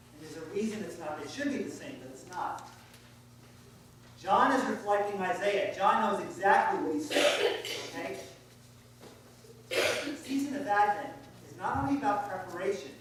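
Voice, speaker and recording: Chatty pastor in an echoey church. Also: male voice, high voice, fairly bright tone, far from the mic, a little hiss or hum. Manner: quizzes the congregation, informal and chatty. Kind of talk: conversational sermon. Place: church sanctuary.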